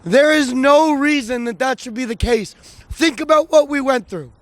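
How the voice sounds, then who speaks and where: A man's voice: extremely high pitch, moderate pace, no echo. A man co-hosting a casual sports podcast outdoors in the cold, analytical and impassioned. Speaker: podcast co-host.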